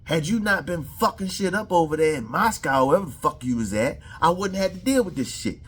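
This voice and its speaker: A man's voice: fairly high pitch, animated, fairly quick, a bit bright, husky, voice pushed up. A man mimicking a blunt, hot-tempered male military officer who scolds in a raised, heated voice, as a comic reenactment. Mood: scolding. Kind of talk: comic reenactment in a reaction video.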